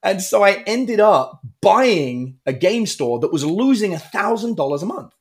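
A middle-aged man talks as a guest on an interview show. His voice sits a little high. He tells stories with energy and slips into the voices of the people he quotes. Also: a little slow. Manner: animated storyteller, acts out quotes. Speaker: podcast guest, entrepreneur. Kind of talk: casual interview storytelling.

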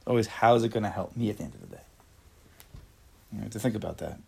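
Leading a casual Torah class, a man reads a text and then explains it plainly, his voice low, gravelly, a little husky and dark in tone. He talks at a quick pace, acts out angry everyday voices, and keeps asking the class questions.

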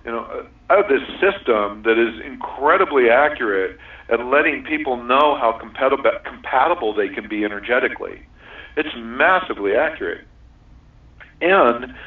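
A man talking in a casual interview, earnest and reflective, often laughing and restarting his sentences. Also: medium pitch. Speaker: guest sharing a relationship compatibility system. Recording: distant, tinny phone-line sound.

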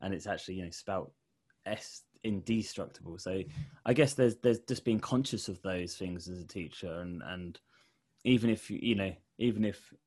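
A middle-aged man with a Portsmouth accent interviews a guest in a relaxed conversational way. His voice sits low, and he circles his questions with restarts and self-corrections. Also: moderate pace.

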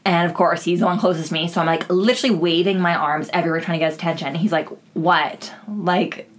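A woman's voice: fairly low pitch, steady tone, fast talker. A young woman co-hosting a podcast, telling stories in a casual, chatty way, full of "like" fillers and swearing. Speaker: podcast co-host. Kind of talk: casual chat.

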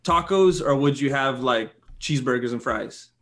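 A man guest in a casual podcast chat, talking with frequent fillers, pauses and laughs. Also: medium pitch, a bit bright. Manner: hesitant, laughs often, many fillers.

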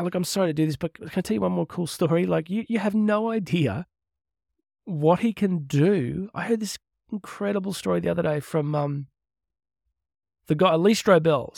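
A man's voice: fairly high pitch, gravelly, darkish tone, no room sound, clean studio sound. A middle-aged man hosting a podcast, talking in an earnest, chatty way with laughs and asides. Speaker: podcast host and Catholic speaker. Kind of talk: casual heartfelt podcast monologue.

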